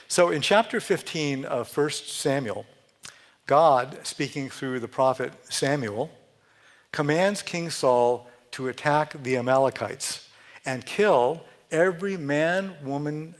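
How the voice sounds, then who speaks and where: A man's voice: mid-range voice, a little slow. A man giving a conversational sermon in a church, chatty and joking, often restarting his sentences and laughing at his own jokes. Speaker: speaker giving a Sunday talk. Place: church sanctuary.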